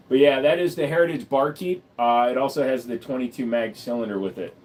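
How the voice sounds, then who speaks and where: A man chatting casually on a livestream, rambling from topic to topic and cracking jokes. His voice sits at an ordinary middle pitch, and a faint hiss of background noise runs under it. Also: expressive, a little fast, hardly any pauses, darkish tone. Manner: rambling, joking, talks to his dog between topics. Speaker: livestream host.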